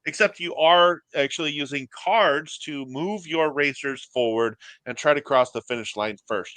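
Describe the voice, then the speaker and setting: A man hosting a casual board game show over a video call, relaxed, explaining a game at length. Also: medium pitch, clean tone, dry recording. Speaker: host. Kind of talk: casual chat.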